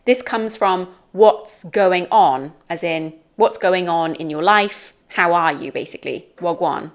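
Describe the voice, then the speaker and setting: A woman's voice: on the low side, unhurried. A British woman teaching an English lesson, explaining words in a chatty, friendly way.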